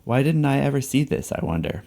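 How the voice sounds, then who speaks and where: A man's voice: medium pitch, big pitch swings, fairly quick, gravelly, mellow, pitched above the performer's own voice. A man reading a novel passage aloud, voicing a vain, tense male banker who talks through gritted teeth and hisses in whispers. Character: vain, tense male Wall Street banker, simmering anger.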